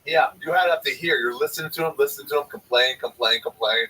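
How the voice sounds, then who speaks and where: A man's voice: mid-range voice, fast, bright, forceful tone, breathy edge. A man who is a stand-up comedian, telling rambling, profane anecdotes in casual chat. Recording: distant mic.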